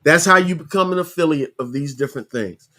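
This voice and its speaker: A man's voice: a little high, sharp tone. Chatty man walking through a screen tutorial. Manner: chatty, repeats himself, spells things out slowly. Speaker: podcast host. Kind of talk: casual screen-share tutorial.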